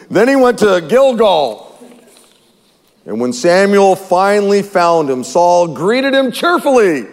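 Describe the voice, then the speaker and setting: A man's voice: high-pitched, sing-song, takes it slowly. A man pastor preaching a sermon, reading scripture aloud with wry asides and chuckles, in a church sanctuary. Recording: long reverb in a hall.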